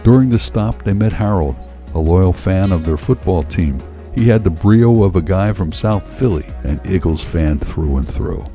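A man's voice: low voice, expressive, normal speed, warm tone, faint music behind. A man reading a story aloud in a wry, first-person storytelling manner. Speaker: narrator.

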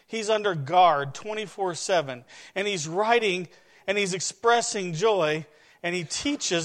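A man's voice: high voice, a bit bright. A man preaching a sermon, opening with a joke story and then teaching earnestly from scripture.

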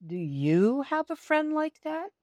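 Slow, expressive woman reading a children's story. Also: sits high, no echo, studio quality. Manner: slow, expressive storytelling that talks to young listeners. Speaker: storybook reader. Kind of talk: children's story read aloud, first person as a cat.

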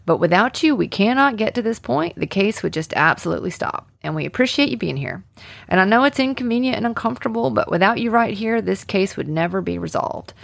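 A woman's voice: medium pitch, animated, creaky, no room sound. A woman reading aloud as a male Southern district attorney giving a formal courtroom opening statement with a Southern drawl. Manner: formal, measured legal address.

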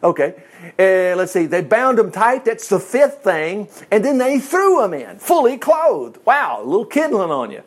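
A man's voice: sits high, very animated, moderate pace. A man teaching a Bible chapter in a loose, rambling way, laughing often and acting out the quotes. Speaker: preacher.

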